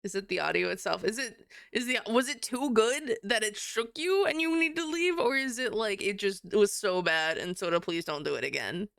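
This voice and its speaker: A young adult woman chatting casually with her live-stream viewers, giggly and animated, swearing now and then. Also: mid-range voice, normal speed, creaky, few pauses, clear, resonant tone, no echo, clean studio sound.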